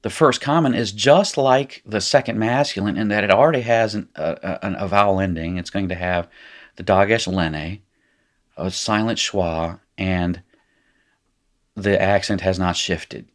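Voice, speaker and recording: Deep-voiced Appalachian man teaching. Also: a little slow. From North Carolina. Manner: casual, self-correcting explainer who laughs at his slips. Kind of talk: recorded lecture.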